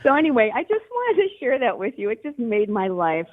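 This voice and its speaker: A woman's voice: fairly high pitch, very animated, fairly quick, no room sound. A woman calling in to a radio show, telling her story with emotion and frequent laughter. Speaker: caller. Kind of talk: call-in radio chat. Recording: tinny phone line.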